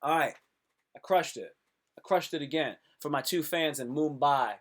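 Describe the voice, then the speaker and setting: A young man hosts his own live stream, rambling in a hyped and self-pumping way and calling his viewers "son" and "kid". His voice sits a little high for a man. He keeps talking with loose, restless energy. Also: moderate pace, fairly bright tone. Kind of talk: casual live stream monologue.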